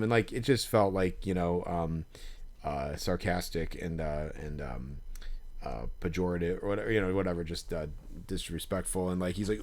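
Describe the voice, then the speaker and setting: A man's voice: low voice, steady tone, brisk. A young adult man co-hosting a podcast, telling stories casually with many fillers. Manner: rambling storyteller with many fillers. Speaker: podcast co-host. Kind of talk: casual chat.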